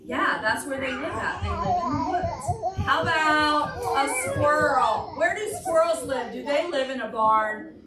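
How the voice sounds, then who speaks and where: A woman children's librarian leading a preschool storytime in a library room, animated and full of questions for the children. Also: high voice, unhurried, distant mic, over loud music. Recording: echoey room from afar with loud background noise.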